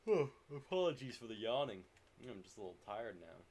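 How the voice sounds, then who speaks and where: A man streaming a video game, commenting live and swearing in loud frustrated outbursts. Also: medium pitch, big pitch swings, fairly quick.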